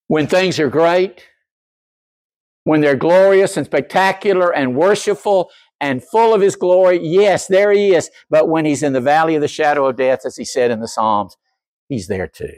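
Male pastor, animated sermon delivery, slightly high voice, dry recording. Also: moderate pace, no echo. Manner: animated, acts out quoted voices, shifts from loud to near whisper.

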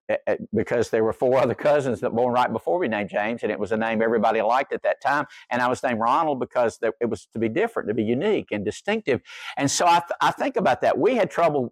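A man's voice: medium pitch, no echo. Folksy older male pastor, dry sound. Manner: folksy, humorous storytelling. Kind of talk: sermon.

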